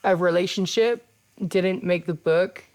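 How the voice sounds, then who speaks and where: A woman's voice: lowish voice, measured pace, darkish tone. A woman with an English accent in her thirties, hosting a casual chat, blunt and laid-back, swearing freely. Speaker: podcast host and wrestler.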